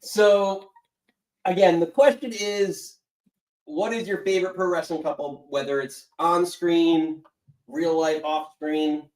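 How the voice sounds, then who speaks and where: A podcast host chatting in a relaxed, reflective way and posing the topic question. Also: medium pitch, slow, distant mic. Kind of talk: casual chat. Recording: echoey room, off mic.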